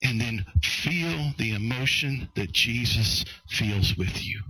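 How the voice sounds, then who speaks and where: A man's voice: medium pitch, animated, slow pace, bright, forceful tone, dry recording, low-quality recording. A male pastor preaching a sermon, emphatic and repeating his phrases as he addresses the congregation directly.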